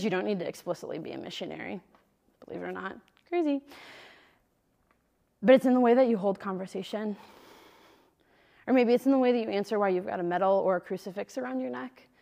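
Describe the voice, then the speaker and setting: Young woman, missionary speaker, faith talk to a group, casual and emphatic, some vocal fry. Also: medium pitch, warm tone. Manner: conversational and emphatic, speaks straight to listeners.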